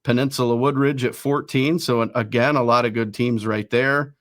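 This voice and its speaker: A male sports show host, reading down lists of rankings at a brisk clip. His voice sits at a middling pitch and is recorded dry and close, with no room sound. He throws in quick self-deprecating asides between entries. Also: steady tone, fairly bright tone, dry recording. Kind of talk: casual sports talk show.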